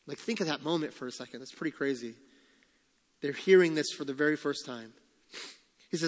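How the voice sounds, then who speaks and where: A male pastor preaching a sermon, reading scripture aloud and acting out the quotes with lively emphasis. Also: fairly high pitch, brisk, pauses often, big-room sound.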